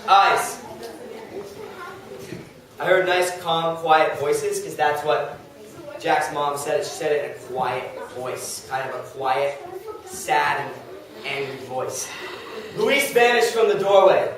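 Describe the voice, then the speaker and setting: High-voiced man teaching, echoey and distant. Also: little pitch movement, a bit bright. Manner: brisk, directive. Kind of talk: classroom instruction. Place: classroom. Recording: echoey classroom from far off.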